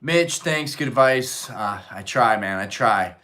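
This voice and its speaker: Man, live stream host, casual chat, rambling, filler words, mid-pitched voice. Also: animated, measured pace, pushed and bright. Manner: rambling, lots of fillers, reads and answers chat.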